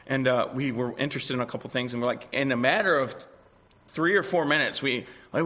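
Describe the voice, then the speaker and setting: A man preaching a sermon, swinging between loud declarations and quiet asides. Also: mid-range voice, fairly quick. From United States. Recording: dull lo-fi recording.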